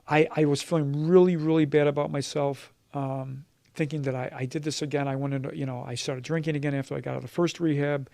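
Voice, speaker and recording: A man in his mid-fifties tells his own story in a halting, earnest way, with frequent pauses and restarts. His voice is gravelly and stays fairly level in pitch. The recording is dry and close, with little room sound. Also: a little mellow, no room sound. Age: 50s. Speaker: church member sharing his testimony. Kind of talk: personal testimony in conversation.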